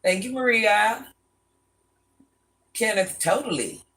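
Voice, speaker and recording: An older woman with a deep, gravelly voice, chatting bluntly with her live-stream viewers from a room in her home and calling them baby and hon. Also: lively intonation, slow, a bit bright. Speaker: vlogger reading live chat. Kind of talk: casual live-stream chat.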